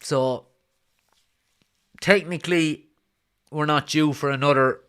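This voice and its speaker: A man's voice: a little high, fairly even intonation, takes it slowly, fairly bright tone, clean tone. Casting: man in his 30s, laid-back football stream host, chatty, reads comments aloud, laughs easily. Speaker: football watch-along host. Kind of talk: casual live-stream chat. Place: front room at home.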